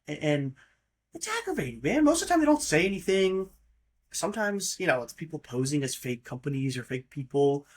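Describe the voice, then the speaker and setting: A young man from Florida talks alone on his podcast, his voice sitting a bit high for a man. He rambles, jokes and drifts off topic, filling the gaps with ums and restarts. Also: very animated, a little fast. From Florida, USA. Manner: casual, rambling, joking, with frequent fillers and off-topic tangents. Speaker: podcast host. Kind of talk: rambling solo podcast monologue.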